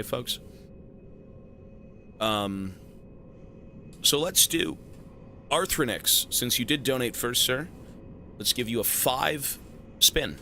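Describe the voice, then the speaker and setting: A man live-streaming a game who thanks his viewers with loud, swearing, joking banter. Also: mid-range voice, slight background noise. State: has a headache.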